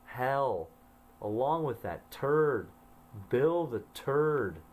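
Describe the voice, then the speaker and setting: A man's voice: medium pitch, sing-song, extremely slow, darkish tone, poor audio. Man reading his old journal. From Canada. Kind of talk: reading aloud and commenting.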